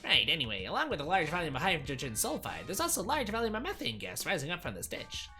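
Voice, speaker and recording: A man voicing a nerdy know-it-all young detective who lectures eagerly in a high nerdy voice while reading a game aloud. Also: wildly swooping pitch, quick pace, sharp tone, soft background music, exaggerated voice. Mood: lecturing.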